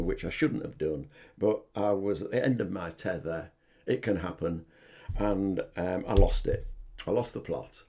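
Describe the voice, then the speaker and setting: Older male podcast host, deep and gravelly, earnest and halting reflective monologue. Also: a little mellow.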